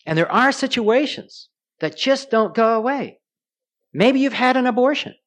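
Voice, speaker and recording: A man's voice: very high voice, lively intonation, normal speed. Storytelling man preaching a sermon. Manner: storytelling preacher, asks the congregation questions. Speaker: pastor.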